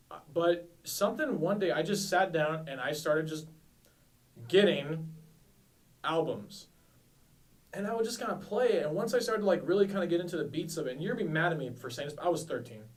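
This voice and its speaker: A man's voice: on the high side, far from the mic, low-quality recording. A man in his twenties co-hosting a podcast, chatting casually in a rambling, self-deprecating way. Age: 20s. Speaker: podcast co-host. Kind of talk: casual chat.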